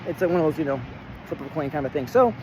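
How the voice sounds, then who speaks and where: A man in a casual vlog, retelling a phone argument in an animated, exasperated way and acting out both sides of the dialogue. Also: fairly high pitch, rapid-fire, a little hiss or hum, rough recording. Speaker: real estate investor.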